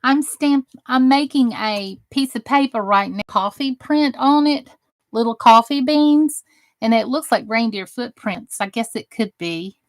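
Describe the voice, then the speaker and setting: A woman's voice: on the high side, a little slow, dry recording. A woman from New Jersey hosting a crafting livestream, chatting casually and greeting viewers by name as she works. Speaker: crafting channel host.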